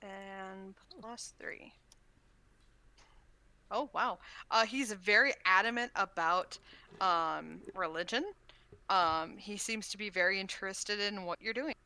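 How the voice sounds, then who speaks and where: A woman's voice: mid-range voice, takes it slowly, pushed and bright. A woman narrating as dungeon master, talking hesitantly with many stops and restarts. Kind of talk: narrating a tabletop game.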